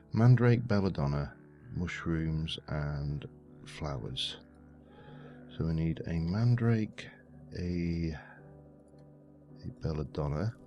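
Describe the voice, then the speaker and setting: Very deep, gravelly man. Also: warm tone. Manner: rambling, muttering while counting items. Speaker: let's play host. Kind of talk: casual gameplay commentary. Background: faint background music.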